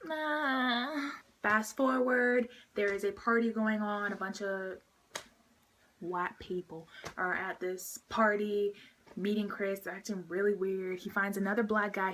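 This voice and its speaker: A woman's voice: medium pitch, fairly bright tone, a little hiss or hum. A woman vlogger talks through a movie's story in a casual, rambling way. She fills her sentences with "like" and "um" and drops into little impressions of what people say. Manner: chatty, fillers like "like" and "um", acts out quotes.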